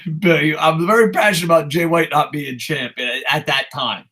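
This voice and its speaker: A young man co-hosting a casual wrestling podcast, ranting in a profane, animated way. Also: fairly high pitch, normal speed. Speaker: co-host.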